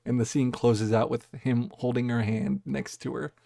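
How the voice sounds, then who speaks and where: A man's voice: medium pitch, flat delivery, normal speed, gravelly, dark tone, no room sound, clean studio sound. A man co-hosting a podcast, casually retelling scenes from a video game with quoted lines. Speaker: podcast co-host. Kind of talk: casual chat.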